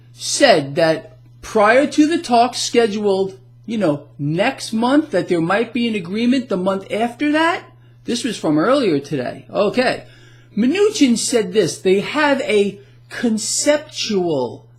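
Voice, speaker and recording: A middle-aged man hosting a casual market commentary blog, animated and sarcastic, stumbling into restarts. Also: high-pitched.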